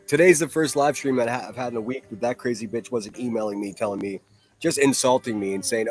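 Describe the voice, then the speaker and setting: A man's voice: mid-range voice, quick pace, a little mellow. A man hosting a solo livestream, ranting in a profane, mocking and combative way. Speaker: livestream host.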